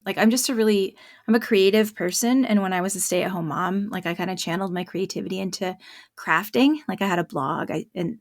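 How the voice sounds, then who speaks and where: A woman's voice: mid-range voice, fairly quick, no echo, clean studio sound. A middle-aged woman podcast host and parent coach, telling stories in a casual, chatty way and laughing often. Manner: chatty storyteller, laughs often, many fillers.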